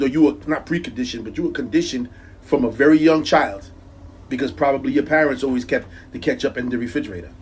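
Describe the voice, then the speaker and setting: A man's voice: mid-range voice, fast, slightly rough, rough recording. A man with a thick New York accent, telling a joking domestic story in a chatty, rambling way. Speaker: vlogger. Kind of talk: casual comic storytelling.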